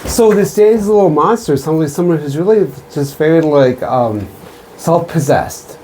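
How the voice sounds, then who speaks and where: A man hosting a radio interview, easygoing and peppered with "like," "um" and quick affirmations. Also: a little high, expressive, background noise. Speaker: radio show host.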